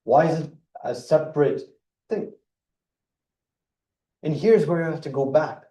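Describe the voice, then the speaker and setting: An earnest man gives a religious talk in a mosque hall, and his voice sounds dark and mellow. He explains things word by word and presses each point with emphasis. The sound is echoey and picked up from a distance. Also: fairly high pitch, measured pace. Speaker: speaker at a mosque gathering.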